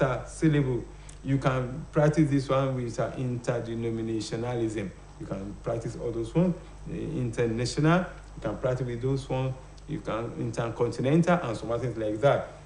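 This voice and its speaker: Hesitant teacher in roomy studio. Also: male voice, medium pitch, a little mellow, a little hiss or hum. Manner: hesitant, many fillers, rhetorical "what?" questions. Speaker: phonology teacher on a TV show. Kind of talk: live broadcast lesson.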